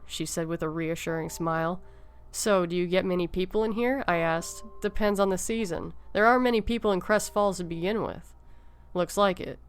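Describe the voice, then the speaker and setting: A woman narrating a first-person horror story in a steady, measured way. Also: on the low side. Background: soft background music.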